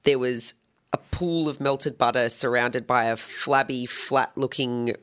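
A woman's voice: very deep voice, steady tone, unhurried, fairly bright tone. A woman, a bakery founder, chatting enthusiastically in an interview. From Australia. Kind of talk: casual interview chat.

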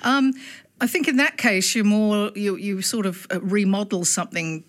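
A woman's voice: medium pitch, moderate pace. A woman, a linguistics expert explaining word usage in a casual chat, thoughtful and hesitant, chuckling often.

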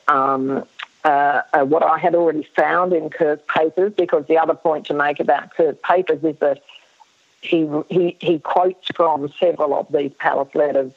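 A woman's voice: deep voice, creaky, slightly rough. A woman historian, losing her voice, speaks emphatically as a guest in a radio interview and often restarts her sentences. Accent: Australian. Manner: emphatic, many restarts and fillers. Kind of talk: radio interview over the phone. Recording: tinny phone line.

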